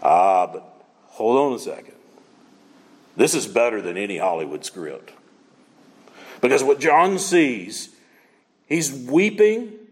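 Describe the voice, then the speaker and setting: A man's voice: mid-range voice, big pitch swings, slow pace, long pauses, husky, in a large hall. A man preaching a sermon, emphatic and full of rhetorical questions, speaking in a church sanctuary. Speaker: pastor.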